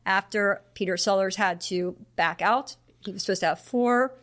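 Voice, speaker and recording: A woman's voice: mid-range voice, moderate pace, a bit bright. A woman hosting a podcast, chatting casually about an old film and laughing often. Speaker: podcast host.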